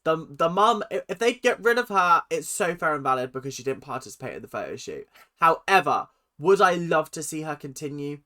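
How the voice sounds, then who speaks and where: A man's voice: fairly high pitch, very animated, fairly quick, sharp tone. A British man chatting casually as he reacts to a show, laughing and mimicking lines he hears. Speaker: reaction video host.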